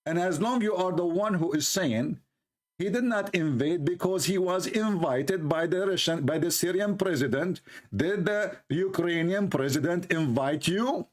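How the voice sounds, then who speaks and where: Sarcastic man mocking in halting English. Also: sits high. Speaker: commentator. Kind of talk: mocking commentary on a clip.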